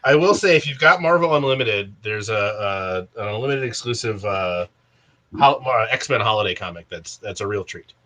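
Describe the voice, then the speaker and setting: Bright-voiced chatty man. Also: on the low side, animated, moderate pace. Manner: chatty, giggly, rambling asides. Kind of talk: casual chat on a live stream.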